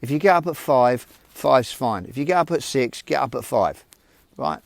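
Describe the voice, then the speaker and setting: A man talks straight to camera in a casual motivational vlog, frank and a bit rambling. His voice sits at an ordinary middle pitch, and the recording is dry with hardly any room sound. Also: very animated, moderate pace, gravelly, dry recording. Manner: rambling, informal, frank, addresses viewers directly. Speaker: self-help vlogger.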